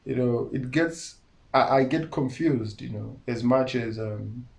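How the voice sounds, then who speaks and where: Speaking with a Malawian accent, a man from Malawi who is a musician chats casually as an interview guest, earnest in tone yet frequently laughing. He has a gravelly, mid-range voice and a measured pace.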